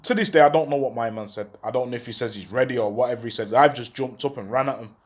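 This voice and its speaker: A man's voice: medium pitch, fast. A young man telling a story from jail in street slang, acting out the voices of the people in it. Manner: street slang, animated retelling with quoted voices. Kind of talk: storytelling monologue.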